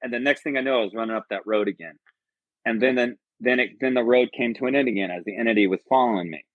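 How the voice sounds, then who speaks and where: A podcast guest from the United States, an army veteran, talks fast in a medium-pitched voice while telling a rambling, profane but earnest personal story. Dry, dull lo-fi podcast audio.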